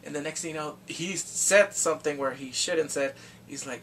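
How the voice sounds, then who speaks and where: A man recapping a TV drama in casual talk, acting out the characters' lines in quick animated bursts. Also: fairly high pitch, far from the mic, slight background noise. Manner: animated, acts out quotes from the show in quick bursts. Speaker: drama reviewer.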